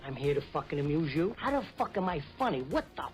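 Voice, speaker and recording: An actor playing a touchy, menacing mobster in a film who presses confrontational, profane questions. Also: male voice, a little high, sing-song, fast, over music.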